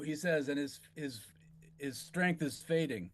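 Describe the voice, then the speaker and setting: A man narrating and running a tabletop game as game master. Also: on the high side. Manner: descriptive, slow, some restarts.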